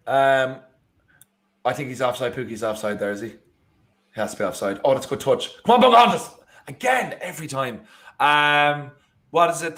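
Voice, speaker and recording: A young Irish man's voice sits on the high side with a fairly bright tone. He's co-hosting a live football watchalong, chatting casually and rambling, full of fillers and restarts.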